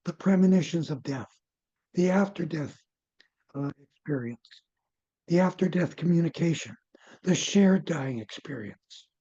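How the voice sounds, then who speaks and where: An older man, a former physician, recounts case stories as an interview guest. His voice is mellow and a bit husky. He gets animated and then drops into soft, low asides. The audio is muffled and lo-fi. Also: a little slow. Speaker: near-death researcher and former physician.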